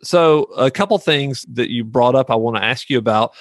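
A man's voice: medium pitch, normal speed, no room sound. A man hosting a business podcast interview, affirming his guest and asking long questions. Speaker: podcast host. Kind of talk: conversational interview.

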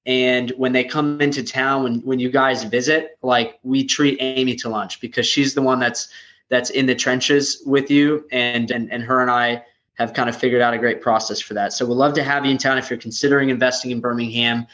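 Flat-voiced man praising his team. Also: mid-range voice, moderate pace, muffled recording. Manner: enthusiastic, full of praise. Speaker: company leader, podcast co-host. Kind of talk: casual podcast chat.

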